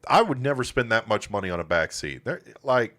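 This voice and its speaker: Brisk and sing-song, his fairly low voice bright and forceful, a man runs a casual classic car livestream from his auto shop. The commentary is blunt, laid-back and thick with profanity.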